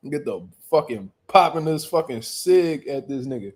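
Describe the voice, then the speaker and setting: A young man, hosting a casual boxing talk stream. His voice sits on the high side, and he jokes loudly and profanely with bursts of laughter. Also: lively intonation, moderate pace. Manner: loud joking banter, bursts of laughter, profane slang. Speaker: boxing show host. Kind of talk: casual chat reacting to live chat.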